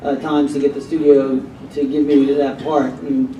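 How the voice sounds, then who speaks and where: A man telling anecdotes to an audience in an animated, rambling way, recorded in an echoey hall from far off. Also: mid-range voice, normal speed, highs cut off, a little hiss or hum. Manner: animated, rambling, with many fillers. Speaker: actor telling anecdotes on a panel. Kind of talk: casual storytelling to an audience.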